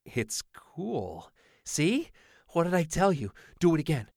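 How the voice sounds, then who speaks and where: An excitable, insistent teenage boy, voiced by a man reading an audiobook, pleading and breathless in a pitched-up voice. The recording is dry and close. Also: slow, no echo, full character voice. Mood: excited. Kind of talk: audiobook character voice.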